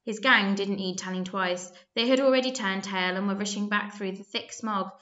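A woman narrating a children's story aloud, lively and expressive, with small slips. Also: medium pitch, moderate pace, dull audio.

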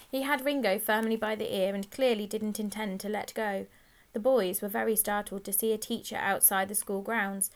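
A woman narrating a children's audiobook in a clear, measured reading. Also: mid-range voice. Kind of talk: scripted storybook narration.

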